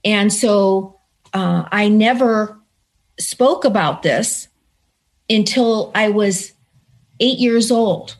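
A woman guest recounting a personal story in conversation, earnest and animated, acting out the voices of people in it. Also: medium pitch, extremely slow, long pauses. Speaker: interview guest.

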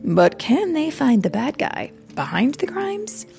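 A woman reading a children's story aloud to her child in a gentle, playful way. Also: sits high, very animated, unhurried, creaky, faint music behind.

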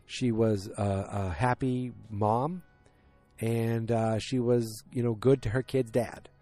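A man's voice: medium pitch, fairly even intonation, slow pace, dark tone, faint music behind. A man hosting a solo podcast, recapping a TV series in a casual, rambling way with frank, loose swearing.

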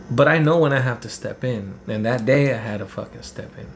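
A man's voice: mid-range voice, fairly quick, few pauses, slight background noise. A man, telling a personal story in a rambling, heated, profane way. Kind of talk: casual storytelling.

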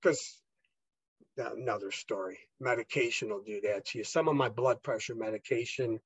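A man as a podcast guest telling his own story in a casual, halting way, with many fillers and restarts. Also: medium pitch, slightly rough, dry recording.

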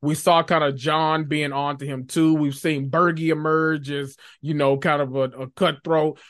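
Sassy, animated podcast host, dry sound. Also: mid-range voice, moderate pace, dry recording. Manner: sassy, animated, swears and laughs often. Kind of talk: casual pop culture chat.

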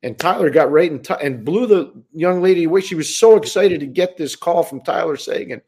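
A man's voice: a little high, expressive, fairly quick, dark tone, husky. A man co-hosting a sports podcast as a hockey analyst, talking earnestly and often repeating words as he restarts sentences. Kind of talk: casual sports chat.

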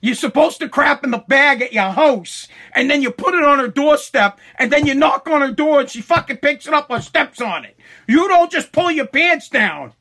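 A man putting on a loud mother, crude hard drinker, shrill scolding, high bright voice. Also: animated, normal speed, exaggerated voice. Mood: exasperated.

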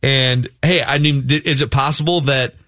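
A man's voice: mid-range voice, fairly even intonation, moderate pace, pushed and bright, no room sound, clean studio sound. A man co-hosting a sports talk radio show, chatting casually and reading live ads in a conversational way.

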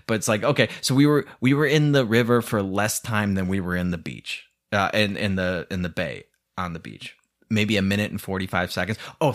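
A man's voice: lowish voice, a bit bright. A man ranting in a casual monologue, sarcastic and profane, often venting in frustration.

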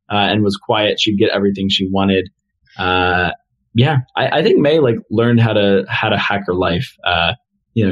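Husky-voiced man recapping casually. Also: fairly low pitch. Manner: chatty, many fillers. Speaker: podcast co-host.

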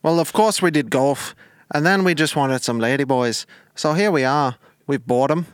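A man voicing a crude male caller in a put-on Irish-sounding accent, delivering outrageous lines flatly and matter-of-factly as if on a phone call. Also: fairly high pitch, moderate pace, clear, resonant tone, dry recording, clean studio sound, pitched above the performer's own voice, natural voice. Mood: deadpan. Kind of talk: improvised comedy phone bit.

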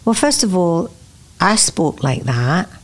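A woman in her seventies from Scotland, with a Scottish accent, telling lively stories as an interview guest. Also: on the low side, slow pace. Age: 70s. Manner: lively anecdotes with acted-out quotes. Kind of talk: podcast interview, storytelling.

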